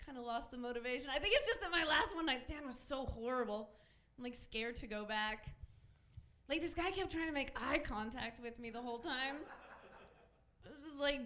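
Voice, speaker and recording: A woman's voice: sits high, animated, normal speed, bright, forceful tone. A woman in her thirties doing a chatty stand-up set on a comedy club stage, laughing between her lines. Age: 30s.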